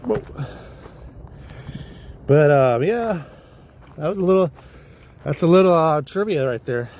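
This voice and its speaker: A man's voice: fairly high pitch, lively intonation, measured pace, a little mellow. A man livestreaming while hiking a trail, casually telling a wandering, profane story. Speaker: livestream vlogger. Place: outdoor hillside trail.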